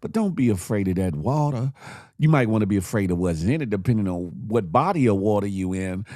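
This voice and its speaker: A man hosting a casual morning show, animated and joking, laughing often as he comments. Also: fairly low pitch, a little fast, dry recording, studio quality.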